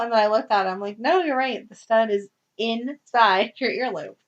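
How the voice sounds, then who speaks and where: A woman in her thirties co-hosting a podcast, telling family stories in a casual, animated way with frequent laughs. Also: medium pitch, moderate pace, few pauses. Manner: animated storyteller, laughs often. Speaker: podcast co-host. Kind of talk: casual chat. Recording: dull lo-fi audio.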